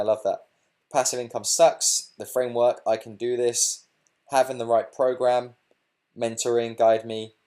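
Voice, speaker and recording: A man hosting a business webinar, wrapping up with an energetic sales pitch and punctuating his points with "okay?" and "look". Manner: energetic, punchy, keeps saying "okay?" and "look".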